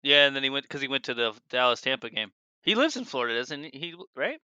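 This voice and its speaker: A man's voice: mid-range voice, very animated, quick pace, sharp tone, smooth, no echo, muffled recording. A man chatting casually on a podcast, joking and laughing often. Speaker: podcast co-host. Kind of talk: casual chat.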